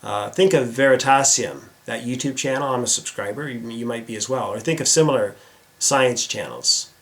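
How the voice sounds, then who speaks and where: A man's voice: mid-range voice, moderate pace, a bit bright. Chatty middle-aged man hosting a vlog. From United States. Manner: chatty and self-deprecating, many "uh" fillers. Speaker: vlog host. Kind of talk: casual direct-to-camera vlog.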